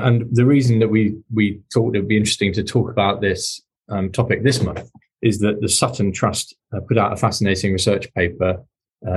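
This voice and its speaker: English guy hosting a work podcast, posh rp accent, lowish husky voice, lots of ums. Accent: English received pronunciation. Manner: measured, with frequent ums and restarts. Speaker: podcast host, employment lawyer. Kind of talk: hosted podcast discussion.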